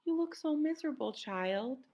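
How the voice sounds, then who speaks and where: A plump little fairy godmother speaks in a gentle, kind storybook voice, as a woman reads her part. Her tone rises and falls with lively expression. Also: lowish voice, measured pace, exaggerated voice.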